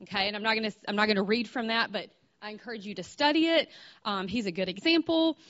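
A woman's voice: mid-range voice, fast talker, a bit bright. A woman in her thirties preaches in a loose, conversational way, weaving a story and asking her listeners questions as she goes. Her voice sits in a middle register. The recording is slightly dull and muffled. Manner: conversational, stops and restarts, asks the audience questions. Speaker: speaker at a church gathering. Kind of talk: informal sermon with storytelling.

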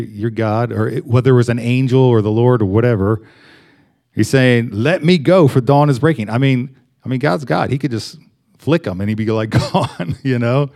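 A man's voice: mid-range voice, a little mellow. Casual-talking young man preaching. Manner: conversational, with many fillers and restarts. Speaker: pastor. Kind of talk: sermon.

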